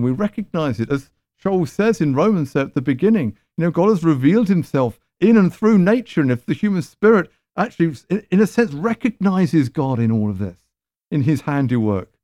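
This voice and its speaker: Man preaching, mellow and dry. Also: on the high side, dry recording. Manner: conversational, emphatic with rhetorical questions. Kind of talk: sermon.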